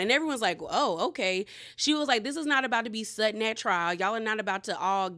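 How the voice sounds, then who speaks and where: A woman hosts a casual reality TV episode recap, speaking bluntly in slang and acting out cast members' lines as she retells them. Her voice is on the high side and fairly bright, with lively intonation, a fairly quick pace and hardly any pauses.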